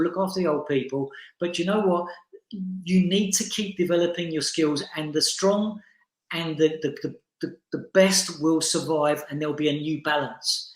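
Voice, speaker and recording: Blunt high-voiced man, roomy echo. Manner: blunt, frank, rallying. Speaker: salon owner and educator, interview guest. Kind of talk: motivational interview talk.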